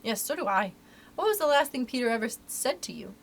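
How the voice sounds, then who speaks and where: A woman's voice: fairly high pitch, sing-song, fast, slight background noise. A woman reading aloud, voicing a curious, artful little girl in a storybook with eager questions.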